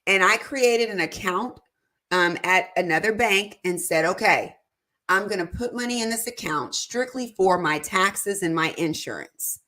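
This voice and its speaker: A woman hosting a casual personal-finance livestream, chatting with viewers and reading their comments aloud between warm, talkative tangents full of fillers. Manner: chatty and warm, with fillers and quick jumps in pitch.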